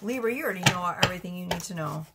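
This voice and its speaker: A woman's voice: fairly low pitch, animated, rapid-fire, vocal fry, heavy background noise. A woman giving a casual tarot reading, talking bluntly and profanely and often breaking into laughter. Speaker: tarot reader.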